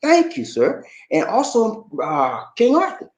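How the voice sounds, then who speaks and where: A man's voice: high-pitched, huge pitch swings, a little slow. A middle-aged man hosting his channel, reading viewer comments aloud and quoting scripture in a preacherly way. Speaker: channel host. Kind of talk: casual livestream chat. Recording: roomy echo.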